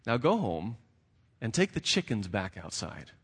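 A man voicing a wise, patient old rabbi who gives calm, measured advice. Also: mid-range voice. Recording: long reverb of a large hall.

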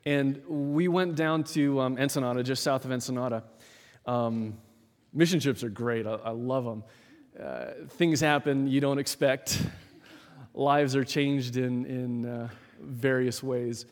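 A man preaching a sermon in a measured, emphatic way, with dramatic pauses, in a large church hall. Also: medium pitch, fairly even intonation. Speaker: pastor. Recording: long hall reverb.

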